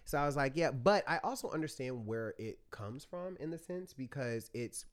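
An American man telling stories in a casual chat, animated and acting out quoted voices. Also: medium pitch, normal speed. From United States. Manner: animated storyteller, acts out quotes.

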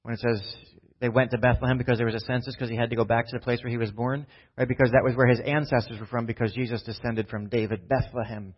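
A man's voice: mid-range voice, fast talker, slightly rough. A male pastor giving a conversational sermon, often asking "right?" and acting out scenes from the text in voices. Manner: animated, often asks "right?" and acts out Bible scenes in voices. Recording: dull lo-fi sound.

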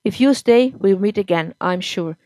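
A woman reading as an angry drunken husband, loud and harsh. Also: mid-range voice, moderate pace, dry recording, lightly acted. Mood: bitter, insistent. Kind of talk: audiobook-style story reading.

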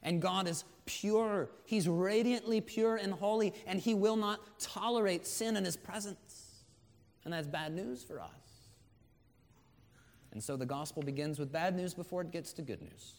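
A man's voice: high-pitched, unhurried, gravelly, darkish tone. A man preaching a sermon as pastor, earnest and conversational, rising to emphatic swells. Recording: long hall reverb.

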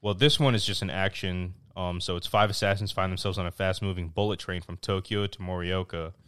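Young man, very low voice, podcast co-host, relaxed filler-filled talk, dry close mic. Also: brisk, smooth, dry recording. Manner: easygoing, filler-heavy, "you know" and "like". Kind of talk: casual chat.

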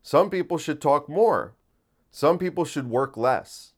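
A man's voice: a little high, expressive, unhurried. A man hosting a podcast, talking casually and incredulously, full of restarts and rhetorical questions. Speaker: podcast host.

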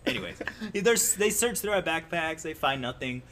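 A young man casually telling a story to friends, animated and acting out the quotes. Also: a little high, moderate pace, slight background noise. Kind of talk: casual chat.

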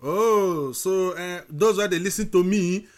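A man's voice: high voice, a little slow. A man with a Nigerian accent, hosting a casual chat and mixing English with Pidgin, with many fillers and restarts. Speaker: host.

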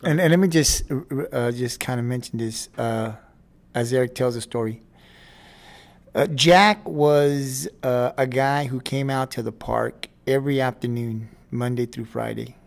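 A man co-hosting a podcast who breaks in with a casual aside, halting and full of fillers. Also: mid-range voice, gravelly. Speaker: podcast co-host. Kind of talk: casual chat.

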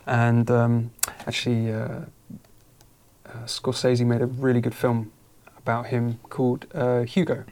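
A man's voice: mid-range voice, monotone, measured pace, a little mellow, a little hiss or hum. A man chatting casually about films on a podcast, rambling with many fillers and restarts.

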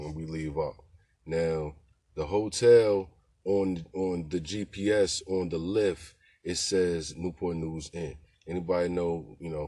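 A man with a low, deep voice spins a casual story in relaxed street slang. He keeps turning to the listener for agreement, and his voice sounds dry and close, with no room echo. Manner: laid-back slangy talk, keeps asking "you know what I'm saying". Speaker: podcast host telling rideshare stories.

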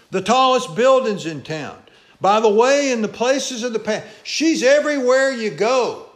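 A male pastor preaching a folksy sermon, swinging between loud calls and low asides. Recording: echoey church room.

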